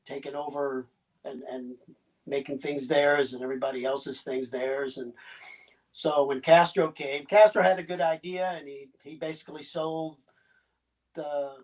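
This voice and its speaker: A Cuban-born man in his sixties with a slight Southern US accent, telling his story as a guest in a casual interview, halting and chuckling as he goes. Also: fairly high pitch, fairly even intonation. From Cuba. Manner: halting, chuckling, many restarts. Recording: distant mic.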